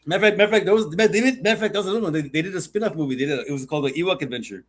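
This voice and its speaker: A man co-hosting a podcast, telling stories in casual chat, excitable and profane, often repeating himself as he builds up. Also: high-pitched, racing. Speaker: podcast co-host.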